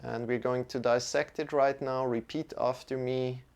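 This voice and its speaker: A man leading a yoga lesson, speaking in a relaxed, friendly way with some fillers as he explains what comes next. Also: mid-range voice, moderate pace, vocal fry. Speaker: yoga teacher. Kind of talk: guided yoga and mantra chanting lesson.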